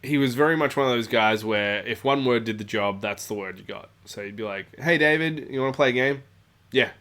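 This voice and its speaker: A man's voice: mid-range voice, fairly bright tone. A man telling a casual anecdote about his gaming club, rambling with many fillers and asides. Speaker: storyteller, tabletop channel host.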